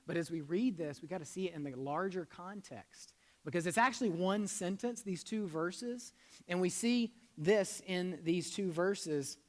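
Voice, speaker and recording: Unhurried and high-voiced, a male pastor preaches a conversational sermon that shifts between loud emphasis and soft asides. He guides the congregation through call-and-response, recorded with long hall reverb.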